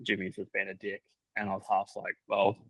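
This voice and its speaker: A man's voice: on the low side, monotone, a little fast, breathy edge, no echo, rough recording. Young man telling stories, dry sound. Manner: storytelling, lots of "like" fillers, laughs often. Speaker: cricket team videographer. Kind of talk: casual podcast chat.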